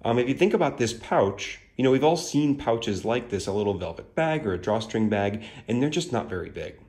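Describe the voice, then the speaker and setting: A man's voice: mid-range voice, animated, a little fast, a little mellow. Gushing, chatty man reviewing cards. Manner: gushing, chatty, full of filler likes. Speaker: tarot deck reviewer. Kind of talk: casual video deck review.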